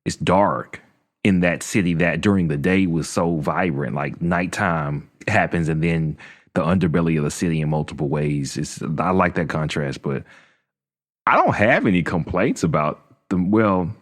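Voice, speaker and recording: A man with a very deep voice co-hosts a laid-back film podcast. He rambles cheerfully and keeps circling back to his points. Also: animated, normal speed. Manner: enthusiastic, rambling. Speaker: podcast co-host. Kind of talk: casual film discussion.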